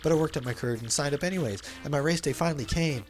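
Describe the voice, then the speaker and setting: Man voicing a laid-back young guy, slangy, keeps saying bro, tells a long story, game dub, a bit high-pitched. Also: racing, faint music behind, lightly acted. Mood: storytelling. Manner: casual slangy storytelling, says bro a lot. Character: laid-back young male hero's brother telling a story.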